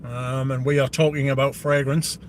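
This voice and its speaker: A man's voice: mid-range voice, little pitch movement, normal speed, slight background noise. A British man hosting a livestream, chatting casually and rambling with plenty of swearing. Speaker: livestream host. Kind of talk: casual live chat.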